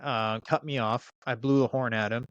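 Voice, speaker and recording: Smooth-voiced man, cursing storyteller. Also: mid-range voice, steady tone, moderate pace, fairly bright tone, dry recording, highs cut off. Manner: profane storytelling with frequent fillers and restarts. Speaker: podcast guest. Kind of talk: casual chat.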